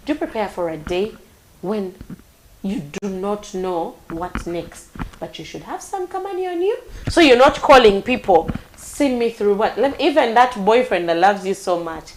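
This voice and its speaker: A Ugandan woman hosting a live talk show, speaking in a heartfelt, animated way with big swings in pitch and loudness. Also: normal speed, slight background noise, rough recording. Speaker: radio and online talk show host.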